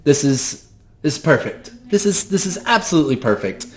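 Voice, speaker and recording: A man's voice: fairly high pitch, sing-song, brisk, pitched above the performer's own voice. A game master doing a flamboyant, fussy male magician with a lifted, sing-song voice. He gushes and piles on repetitions with theatrical delight, as a man puts him on at the table. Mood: gushing. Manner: gushing, theatrical, repeats himself.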